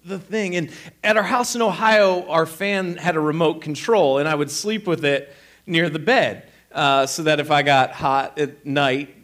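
A man with a high, light voice preaches to his congregation. He tells a story from home and acts out both sides of the conversation with lively energy before turning to the message. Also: a little slow. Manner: animated storyteller, acting out both sides of a dialogue. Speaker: pastor. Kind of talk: sermon with personal storytelling.

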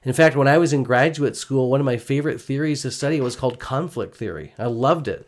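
A man's voice: medium pitch, fast. A middle-aged man co-hosting a casual gospel discussion about marriage, earnest and chatty, often checking in with "right?". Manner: earnest, chatty, frequent "you know" and "right?". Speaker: podcast co-host.

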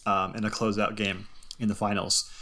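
A man's voice: on the low side, flat delivery, normal speed, bright, forceful tone. A man hosting a casual podcast chat, telling a long story in a rambling way with lots of ums and frequent laughs. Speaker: podcast host.

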